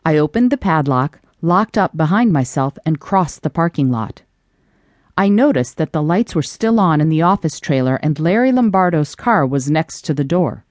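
Animated woman narrating an audiobook. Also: sits low, normal speed, no echo, studio quality. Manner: expressive, animated reading. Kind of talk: first-person audiobook narration.

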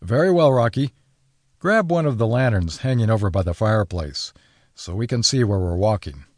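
A man's voice: lowish voice, lively intonation, moderate pace, dry recording, studio quality. A man playing a firm farmer father. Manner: firm, commanding. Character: steady farmer father with a rifle. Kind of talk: audiobook character voice.

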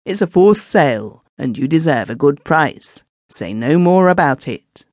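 A woman voicing a ghostly pirate captain who speaks coolly in a polished gentleman's voice. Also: deep voice, expressive, measured pace, no room sound, studio quality. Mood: brisk. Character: genteel ghostly pirate captain, cool and courteous.

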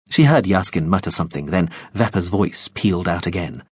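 A man narrating an audiobook in a measured, expressive storytelling manner. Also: sits low, breathy edge, no echo, clean studio sound. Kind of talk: scripted narration.

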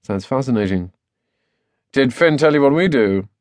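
A man doing a booming, cheerful dad. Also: expressive, normal speed, a little mellow, no echo, lightly acted. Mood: hearty. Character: cheerful booming middle-aged dad, genial and nosy.

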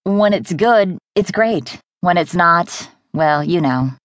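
A woman's voice: fairly low pitch, animated, slow pace, dry recording, studio quality. A woman narrator voicing a young, struggling actress who sounds emotional and defensive. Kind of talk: first-person audiobook character voice.

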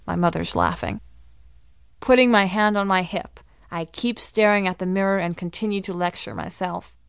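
Woman reading a kids book out loud, eager storyteller, super clear, dry studio sound. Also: lowish voice, fairly even intonation, moderate pace, dry recording. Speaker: audiobook narrator. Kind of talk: first-person children's audiobook narration.

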